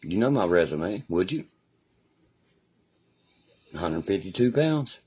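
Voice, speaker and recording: A man's voice: deep voice, sing-song, slow, a little mellow, breathy edge. A young man from West Virginia with a West Virginia accent, ranting and boasting on a casual livestream, swearing freely and often asking "you know what I mean". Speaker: live streamer.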